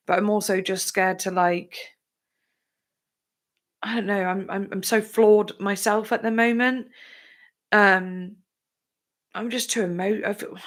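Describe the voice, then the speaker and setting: A woman's voice: medium pitch, fairly bright tone. A young woman hosting a live chat with viewers, talking candidly and emotionally, close to tears at times, with lots of fillers. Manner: candid, rambling, frequent fillers, breaks into laughs and tearful bursts. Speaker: livestream host chatting with viewers.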